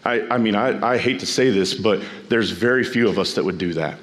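A pastor preaching a sermon, emphatic and repeating phrases, his voice climbing high when he exhorts. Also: fairly quick.

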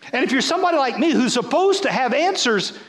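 Older guy preaching, playful and animated, loud then hushed, big church echo. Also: very high-pitched, quick pace. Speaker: bishop preaching. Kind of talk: sermon. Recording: long reverb of a large hall.

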